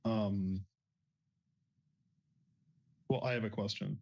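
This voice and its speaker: A man speaking as a defendant in a courtroom hearing, hesitant and halting with many fillers. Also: fairly low pitch, steady tone, gravelly, darkish tone, no room sound. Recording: dry, dull lo-fi courtroom audio.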